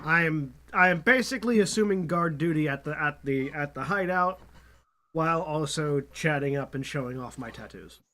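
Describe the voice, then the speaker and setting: A man with a bright, forceful tone and a slightly raised pitch trades jokes as a player at a tabletop game. His talk is casual and playful, full of boasts. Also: animated, normal speed. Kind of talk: casual in-character chat.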